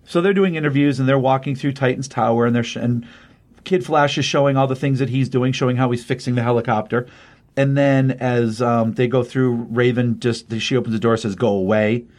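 A man's voice: medium pitch, fairly even intonation, a little fast, a little mellow. A man hosting a casual talk show, recapping a comic book in a rambling way and correcting himself as he goes. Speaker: comic book podcast host. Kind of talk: casual spoken review.

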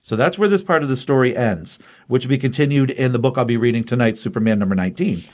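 A middle-aged man hosting a casual chat, excitedly retelling a comic book story in a rambling way with many fillers. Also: medium pitch, quick pace.

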